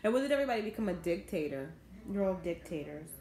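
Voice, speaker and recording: A woman's voice: on the low side, animated, fast, darkish tone. A woman, ranting to her viewers in a bitter, indignant vlog. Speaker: vlogger. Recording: echoey room, faint background noise.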